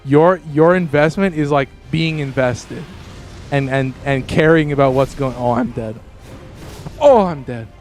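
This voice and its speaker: A man livestreaming a game and chatting casually with his viewers, rambling with many restarts and sudden excited jumps in pitch. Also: unhurried, soft background music. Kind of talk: casual livestream chat with viewers while gaming.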